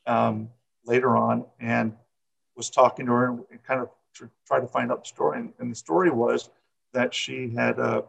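Middle-aged man, coach, heavy vocal fry, husky tone, rambling personal story full of fillers. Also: mid-range voice, rough recording. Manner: rambling, repeats words, many fillers.

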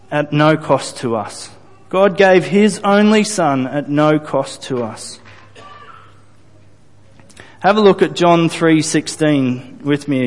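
A male pastor delivers a sermon at an unhurried pace, voice a touch higher than most men's. He is earnest and deliberate, circling back over his phrases to press each point home. His voice rings out with the long reverb of a church hall. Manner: earnest, deliberate preaching with repeated phrases and restarts. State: briefly choked up.

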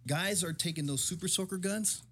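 A man in casual chat, explaining his point of view in a steady, explanatory way. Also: high voice, fairly quick, breathy edge.

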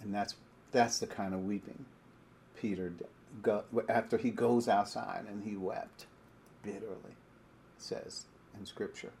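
A man's voice: lowish voice, steady tone, a little slow, creaky, darkish tone, a little hiss or hum. A middle-aged man preaching a sermon in a conversational way, reading scripture aloud and breaking off to explain it. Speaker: pastor.

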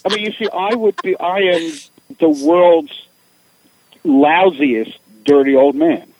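A middle-aged man, an author appearing as a guest, tells funny stories in a casual setting and acts out other people's voices along the way. His voice is fairly high and slow, and the recording quality is low.

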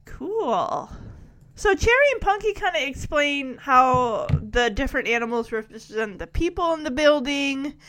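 Brief: high, bright-voiced woman, chatty recap host, laughs a lot, close mic. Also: normal speed, hardly any pauses. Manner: animated, laughs often, acts out characters' lines. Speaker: video host recapping a TV episode. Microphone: close desk microphone.

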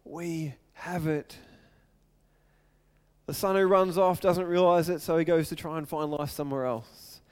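High-voiced man preaching a sermon. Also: fairly even intonation, a little slow, a little mellow, clear, resonant tone. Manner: earnest, storytelling with acted quotes. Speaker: pastor.

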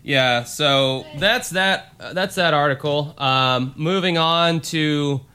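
A man's voice: fairly high pitch, slow pace, bright, forceful tone, smooth. A young man co-hosting a podcast, talking bluntly and sarcastically and swearing casually. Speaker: podcast co-host.

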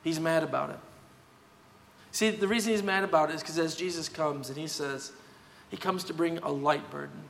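A man delivers a sermon with a slightly higher voice than most men. He talks in a conversational but emphatic way and drives his points home. The sound rings with a long reverb, as in a large hall. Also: normal speed, creaky, a bit bright, a little hiss or hum. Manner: conversational, emphatic, tag questions. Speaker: pastor.

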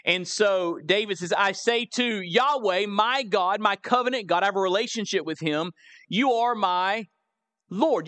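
Southern pastor preaching in an echoing church. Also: male voice, high-pitched, fairly bright tone. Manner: preaching with emphatic repetition, questions to the congregation. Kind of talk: sermon. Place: church sanctuary. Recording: live recording with long hall reverb.

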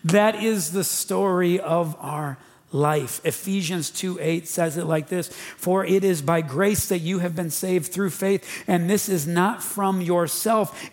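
A high-voiced man delivers a Sunday sermon from the pulpit. He is emphatic and repeats his key phrases to make sure the room hears them. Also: slow, soft background music. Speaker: pastor. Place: church.

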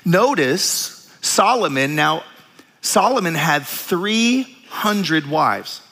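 A middle-aged male pastor, preaching a sermon in an animated, storytelling way with jokes and asides. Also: fairly high pitch, slow pace.

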